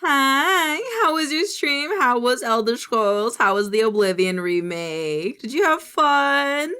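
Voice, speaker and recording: A young woman streaming, chatting casually and reacting to clips, high and loose, swearing and squealing. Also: lively intonation, slow pace, pushed and bright, clean tone. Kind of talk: casual chat reacting to videos.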